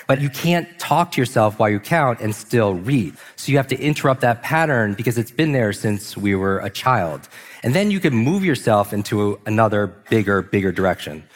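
A man giving an energetic motivational talk on a large stage, asking the audience questions and slowing down for emphasis. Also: mid-range voice. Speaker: speaker. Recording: long hall reverb.

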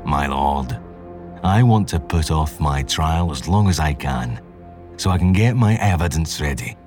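A man with a very deep voice voicing a defiant, stubborn pirate captain in his forties as he insists before the court in a narrated audio story. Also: lively intonation, a little slow, darkish tone, faint music behind. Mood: insistent.

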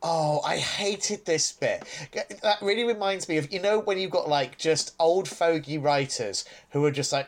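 A man's voice: a little high, normal speed, hardly any pauses. Chatty, sarcastic man. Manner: chatty, sarcastic, laughs often. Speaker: podcast co-host. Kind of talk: casual chat reviewing a TV episode.

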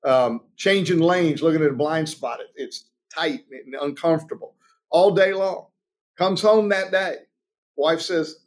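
Animated man telling a courtroom story. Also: on the high side, normal speed. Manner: animated storytelling, acts out quoted voices. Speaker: trial lawyer guest. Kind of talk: podcast interview answer.

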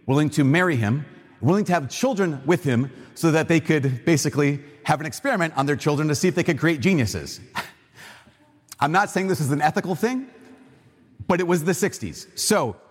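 A man giving a casual, animated sermon, retelling a Bible story and acting out its voices. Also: on the high side, moderate pace, husky. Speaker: preacher. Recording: long reverb in a large hall.

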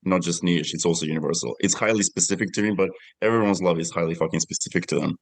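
A man's voice: low-pitched, quick pace, creaky, no echo. A middle-aged man, a film director, answering interview questions reflectively with frequent restarts.

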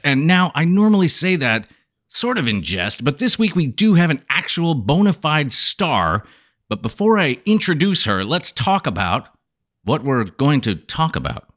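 A man hosting a podcast with a smooth voice and a playful, showy manner, joking with his listeners. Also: on the high side, big pitch swings, normal speed, a bit bright. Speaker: podcast host.

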